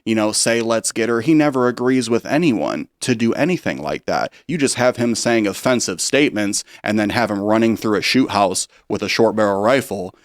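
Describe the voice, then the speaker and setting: Male guest, relaxed talker recounting events, low voice. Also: normal speed, few pauses, dry recording, clean studio sound. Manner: casual, full of fillers like "you know". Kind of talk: telling his own story in an interview. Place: podcast studio.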